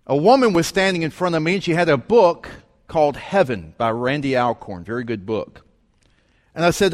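A man preaching, telling a story in an animated way and acting out the voices of the people in it. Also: a little high, brisk. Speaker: pastor. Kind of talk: sermon storytelling. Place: church sanctuary. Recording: long reverb of a large hall.

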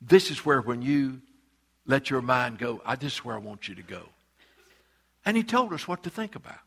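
Animated, bright-voiced male preacher. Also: mid-range voice, creaky, husky. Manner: emphatic, slows down to stress key phrases; reads scripture aloud with the congregation. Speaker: pastor. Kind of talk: sermon.

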